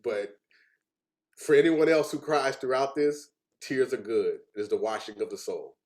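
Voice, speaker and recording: A man's voice: medium pitch, moderate pace, a little mellow. A young adult man giving a heartfelt personal presentation, earnest and fighting back tears at times. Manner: earnest, chokes up with emotion.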